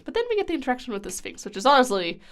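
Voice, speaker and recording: A woman's voice: on the high side, very animated, racing, a bit bright. A woman co-hosting a podcast, talking about a book in a sassy, emphatic way. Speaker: podcast co-host. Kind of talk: casual book discussion.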